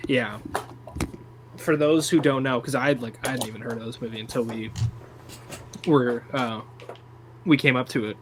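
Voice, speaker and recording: A man's voice: mid-range voice, moderate pace, pauses often. Young man raving about films, hum behind. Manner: enthusiastic, rambling, swears freely. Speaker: podcast co-host. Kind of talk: casual film review chat.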